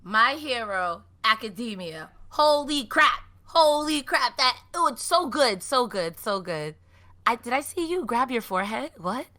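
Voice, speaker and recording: Bright-voiced joking woman guest. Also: a little high, lively intonation, measured pace. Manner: joking, laughs often. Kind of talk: casual chat.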